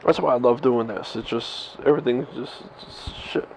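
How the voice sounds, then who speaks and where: A man's voice: mid-range voice, steady tone, normal speed, creaky, darkish tone. A man in his thirties telling a story straight to his camera at home, rambling, swearing and laughing at himself. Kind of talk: candid personal vlog monologue. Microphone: camera mic. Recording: slightly dull lo-fi camera audio with faint hiss.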